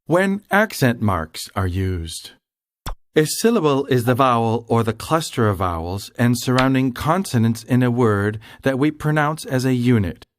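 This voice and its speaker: A man giving scripted, measured explanations as a language instructor. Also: mid-range voice, animated, a little hiss or hum.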